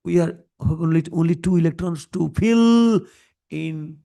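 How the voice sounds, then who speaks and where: A man's voice: on the high side, a little slow, creaky, mellow. A man teaching a chemistry class, mixing English and Odia, asking students questions as he explains. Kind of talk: classroom lecture.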